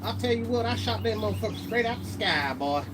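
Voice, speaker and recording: A man putting on a loud, drawling Southern country man who brags about hunting and keeps saying "man" and "boy". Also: high-pitched, expressive, fast talker, noisy background, voice pushed up. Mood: boastful. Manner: hollering, repeats "man" and "boy".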